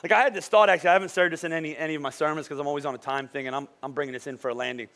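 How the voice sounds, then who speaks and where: A pastor in his thirties delivers a sermon with lively, storytelling energy, checking in with his listeners again and again. His voice sits high for a man and carries a gravelly edge. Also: very fast. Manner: animated storytelling, frequent "right?" asides.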